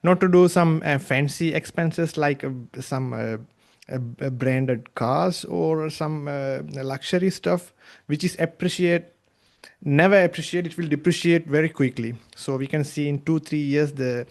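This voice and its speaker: A man hosting a business podcast, speaking haltingly with many filler pauses before asking his guest questions. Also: on the high side, a little mellow. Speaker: podcast host. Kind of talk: interview hosting.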